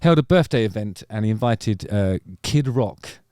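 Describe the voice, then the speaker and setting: A man's voice: on the low side, expressive, normal speed, warm tone, clear, resonant tone, no echo, studio quality. A man hosting his own channel, giving playful, joking commentary on music performers. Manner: jokey, playful, drifts into mock voices. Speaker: YouTube channel host.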